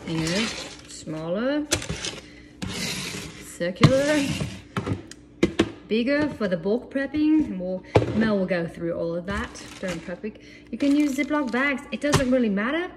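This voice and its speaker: A woman's voice: on the high side, animated, a little slow, long pauses. A woman casually showing meal prep tools in her home kitchen, chatty and enthusiastic with playful asides. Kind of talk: casual kitchen demo video. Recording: loud background noise.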